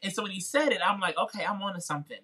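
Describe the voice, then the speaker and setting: This man's high voice races along, pushed and bright with a breathy edge. He has a Midwestern twang and is a music YouTuber on a podcast as a guest, telling his story casually with frequent "like" and "you know." Chatty and informal, he acts out the voices he quotes during the interview.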